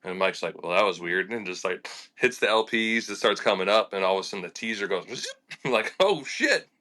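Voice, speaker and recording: A young man tells fishing stories in a casual podcast chat. He talks in a lowish but bright, forceful voice. He acts out what people said and laughs often. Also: brisk. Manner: animated and laughing, with lots of fillers and acted-out quotes. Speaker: fishing charter captain. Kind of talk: casual storytelling in a podcast interview.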